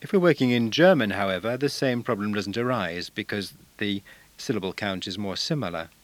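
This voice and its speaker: A male language teacher giving a measured, explanatory talk on using songs in class, now and then singing short examples. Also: fairly low pitch, expressive, dry recording.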